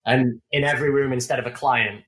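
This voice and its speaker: A man's voice: mid-range voice, steady tone, brisk, fairly bright tone, poor audio. A man playing a tabletop game who riffs and jokes. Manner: riffing, joking. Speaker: player.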